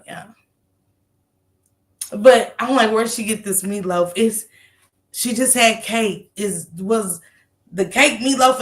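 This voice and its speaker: A woman in her thirties telling a story in casual chat, animated and profane, laughing often and acting out the people she quotes. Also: mid-range voice. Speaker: storyteller recounting a street encounter.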